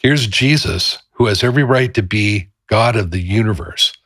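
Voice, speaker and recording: Animated storytelling man, dry close sound. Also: on the low side, moderate pace, husky, dry recording. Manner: animated storyteller, acts out quotes loudly. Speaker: podcast co-host. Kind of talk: casual chat with storytelling.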